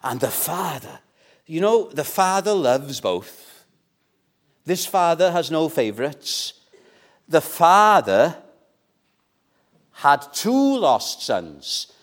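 A man preaching a sermon in a church, earnest and measured, pressing his points with questions to the congregation. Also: a little high, big pitch swings.

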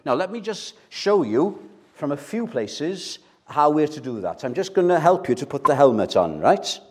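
A man's voice: on the high side, sing-song, moderate pace, a little mellow. Older male preacher, emphatic and direct, repeats lines for weight, asks the congregation questions. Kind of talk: sermon.

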